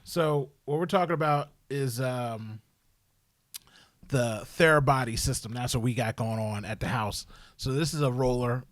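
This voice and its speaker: A man hosting a casual chat, telling stories in an animated, slangy way. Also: medium pitch, moderate pace, no room sound. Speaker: podcast host, wrestling parent.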